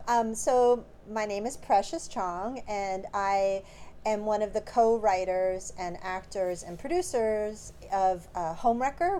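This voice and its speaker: Woman, interview guest, mellow warm tone, chatty and rambling, faint background hiss. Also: medium pitch. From born in Canada, raised in Los Angeles. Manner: chatty, rambling, many fillers. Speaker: filmmaker guest. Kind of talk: casual interview answers.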